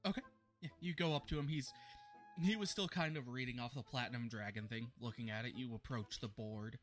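A man narrating as game master in a tabletop game, animated and laughing often. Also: mid-range voice, fairly quick, soft background music.

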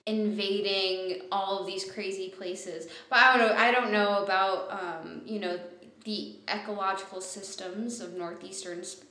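A woman's voice: medium pitch, fairly even intonation, measured pace, pushed and bright. A woman co-hosting a podcast, chatting casually, laughing often and retelling what happened in the episode. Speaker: podcast co-host. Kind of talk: casual chat. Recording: roomy echo.

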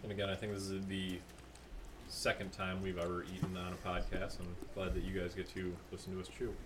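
A man's voice: low voice, completely flat delivery, a little fast, noisy background. A man, a returning podcast guest, talking bluntly and sarcastically while tasting food.

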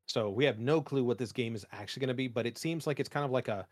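A man's voice: mid-range voice, quick pace, no echo. Rambling young man on a podcast. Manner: rambling, many fillers, jokey. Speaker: podcast co-host. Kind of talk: casual chat.

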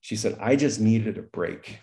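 A man's voice: fairly low pitch, a little slow, warm tone. A middle-aged man, a former school principal, telling a story in conversation, acting out the dialogue and often laughing. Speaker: podcast guest, school principal.

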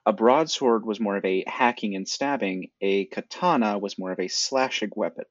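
A man with a low voice, recorded dry and a little muffled on a home setup. He talks through film details in a casual, explanatory way, going on at length about sword styles and old movies. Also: moderate pace, no echo. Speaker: podcast co-host. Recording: dry, dull lo-fi sound.

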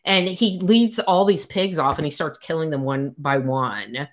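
Low-voiced woman retelling a story. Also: unhurried. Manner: retells plot animatedly, quoting characters. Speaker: book podcast co-host. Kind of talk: casual book discussion.

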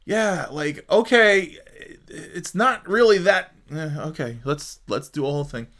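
A man's voice: a little high, animated, unhurried, fairly bright tone. A man hosting a casual solo podcast, sleepy and yawning, ranting sarcastically with plenty of swearing. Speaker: podcast host.

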